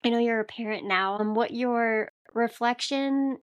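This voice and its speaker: A woman's voice: fairly high pitch, a little slow, clear, resonant tone, dry recording. A woman podcast host, sincere and appreciative, asking her guest questions. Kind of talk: interview questions.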